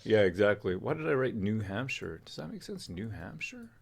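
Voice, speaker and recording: A man's voice: fairly low pitch, very animated, moderate pace, creaky. A man hosting a live stream, chatting casually in a rambling, joking way. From Canada. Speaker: livestream host. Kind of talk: casual livestream chat.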